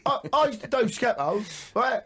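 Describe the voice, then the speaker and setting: A man hosting a radio show, a bit hoarse today, in playful and teasing casual banter with mock-grand introductions. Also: very high-pitched, animated, normal speed, a bit bright, a little hiss or hum. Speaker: radio breakfast show host.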